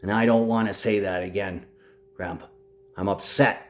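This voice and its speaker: A man's voice: fairly low pitch, fairly even intonation, moderate pace. A man talking to camera in a rambling, agitated monologue, addressing absent people directly.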